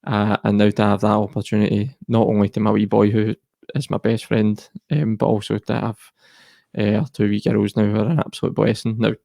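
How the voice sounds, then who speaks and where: A man's voice: lowish voice, flat delivery, a little fast, vocal fry, warm tone, no echo. A Scottish man speaking as an interview guest, earnest and reflective. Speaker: guest, mental health charity co-founder. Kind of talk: personal interview talk.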